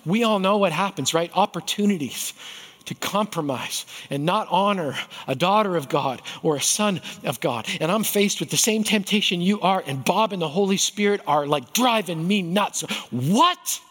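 High-voiced man preaching a lively sermon. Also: normal speed. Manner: animated storytelling, acting out voices of others. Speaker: pastor.

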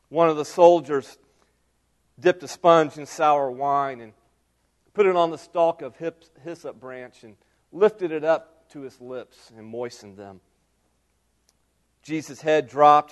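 A middle-aged male pastor delivers a sermon in a high-pitched voice. He tells the story dramatically, rising to loud cries and then falling to hushed, near-whispered lines.

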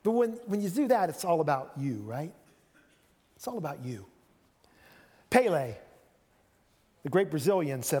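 High-voiced preacher in a reverberant hall. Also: male voice, big pitch swings, measured pace, pauses often, darkish tone, slightly rough. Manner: conversational, repeats phrases, acts out quotes. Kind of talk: sermon.

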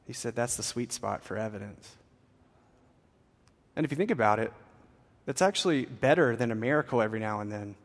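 A man gives an earnest, conversational sermon as a pastor, with frequent "uh"s and restarts. His voice sits at a middle pitch. A long reverb rings through the church hall. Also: animated, fairly quick.

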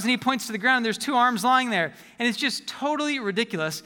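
A man's voice: very high-pitched, animated, brisk, bright, forceful tone, smooth, in a large hall. A man preaching a sermon as a pastor, conversational, often repeating words as he restarts phrases.

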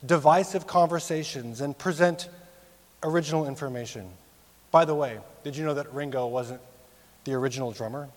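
Man, 30s, preacher, sermon, fairly high voice, dramatic shifts between loud and hushed, long hall reverb. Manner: expressive, rising for emphasis and dropping low for serious points. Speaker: pastor.

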